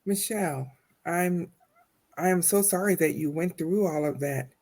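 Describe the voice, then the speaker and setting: Host interviewing a guest; unhurried, careful questions. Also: medium pitch, a little mellow. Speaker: podcast host.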